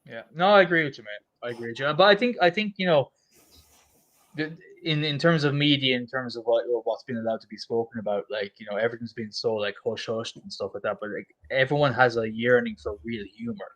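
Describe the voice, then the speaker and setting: An enthusiastic, agreeable man co-hosting a casual chat and swearing freely as he goes. His voice sits at an ordinary pitch for a man. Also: fairly quick, fairly bright tone. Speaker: co-host.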